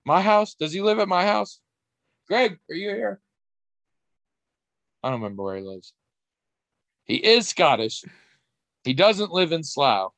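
A man's voice: fairly high pitch, sing-song, moderate pace, long pauses, a bit bright, no room sound. Rambling, wry man in dry casual chat. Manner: rambling, self-interrupting, wry, swears casually.

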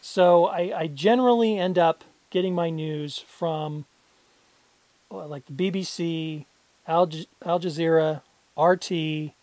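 A woman's voice: low voice, takes it slowly, a little mellow, no room sound. A woman co-hosting a podcast in a casual chat, rambling with restarts. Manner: rambling, frequent restarts and laughs. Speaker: podcast co-host.

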